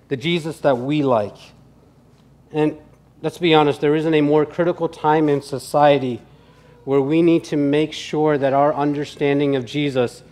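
A man's voice: fairly high pitch, darkish tone. A male pastor preaching a sermon in an earnest, conversational way.

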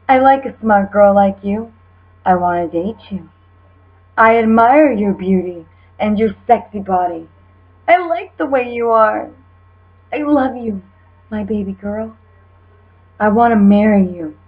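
A woman voicing a lovesick young male online admirer, reading his messages in a slow, overwrought, over-the-top dramatic manner. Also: medium pitch, slightly rough, pitched above the performer's own voice. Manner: overwrought, slow, swelling declarations. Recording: dull lo-fi recording with mains hum.

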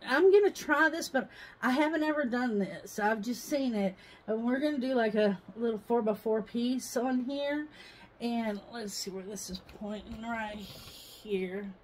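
A woman's voice: a little high, rough recording. A woman chatting casually in a home vlog while working on a countertop, rambling and laughing as she tells stories. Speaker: vlogger. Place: mobile home, indoors.

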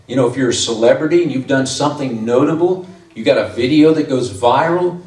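A man's voice: medium pitch, a little fast, a little mellow. Preaching man, far off in an echoey church. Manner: conversational preaching, rising emphasis on key points. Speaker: pastor. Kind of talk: sermon. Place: church sanctuary.

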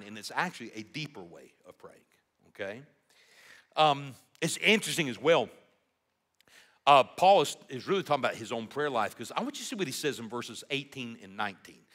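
Guy preaching, bright voice, pitch all over the place, lots of emphasis. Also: moderate pace. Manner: animated, emphatic preaching with rhetorical questions. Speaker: pastor. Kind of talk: sermon.

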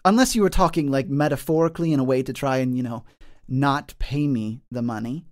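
A man's voice: mid-range voice, brisk, a little mellow, lightly acted. A man playing a smug cloaked forest warden. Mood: smug haggling. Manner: smooth, haggling, pedantic.

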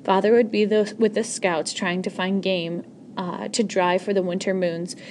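Brief: woman, middle pitch, earnest novel reading, frequent slips and restarts. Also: steady tone, normal speed, darkish tone, slight background noise. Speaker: audiobook reader.

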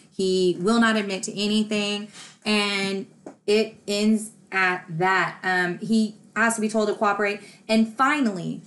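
A woman's voice: medium pitch, a bit bright. A woman casually retelling a true crime case, acting out the quoted dialogue with lots of "like" fillers.

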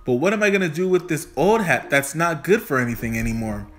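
A man's voice: fairly high pitch, big pitch swings, fast talker, a bit bright. A man reading a storybook aloud, voicing a fussy old man who frets and talks to himself. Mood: fretful. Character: fussy old man, fond of his hat.

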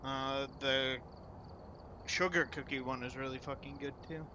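A man joining a game stream as a guest, chatting in a relaxed way and swearing casually. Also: medium pitch, unhurried, muffled recording, background noise. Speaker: guest player. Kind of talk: casual chat while gaming.

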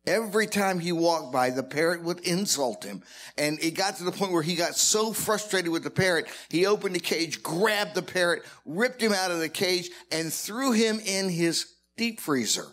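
Man pastor in church, casual and joking, voice a touch high. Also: moderate pace, fairly bright tone. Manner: joking, conversational, addresses the congregation directly. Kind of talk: sermon.

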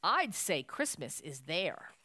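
A woman doing a slow, musing security guard. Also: on the low side, very animated, sharp tone, pitched below the performer's own voice, exaggerated voice. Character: kindly middle-aged male security guard.

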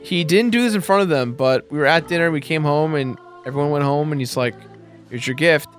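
A man's voice: a little high, fast. A man in his twenties co-hosting a gameplay video, telling a rambling anecdote with casual commentary. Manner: rambling anecdotal storytelling, laughs at own punchlines. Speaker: let's play co-host. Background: faint game music.

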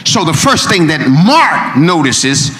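A male pastor preaches in a slightly higher voice, building from steady teaching up to ringing, shouted points. His words carry through a roomy church with a long, lingering reverb. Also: slow. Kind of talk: sermon. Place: church sanctuary.

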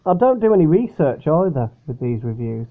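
In a casual product review vlog, a young man reviews a beer at home in a fairly quick, sing-song voice on the high side. He rambles chattily and often corrects himself, and the recording sounds tinny, like a phone.

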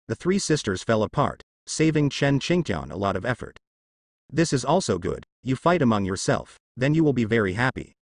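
A man narrating translated web fiction in a steady reading voice. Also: mid-range voice, no echo, clean studio sound.

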